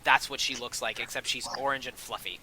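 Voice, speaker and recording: Bright-voiced man running a tabletop game. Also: mid-range voice, fairly even intonation, fairly quick, rough recording. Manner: casual, hesitant, lots of ums. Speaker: game master.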